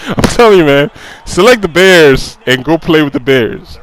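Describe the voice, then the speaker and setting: A man's voice: on the high side, expressive, a little slow, fairly bright tone, low-quality recording. Frustrated man ranting over gameplay. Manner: repeats himself, fillers like "you know". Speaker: gaming commentator. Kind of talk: casual gameplay commentary.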